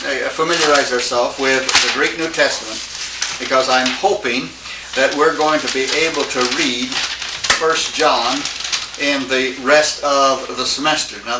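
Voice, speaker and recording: A man teaching a Greek class, lecturing haltingly and often checking with his students. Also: mid-range voice. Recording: echoey room, distant mic, faint hiss.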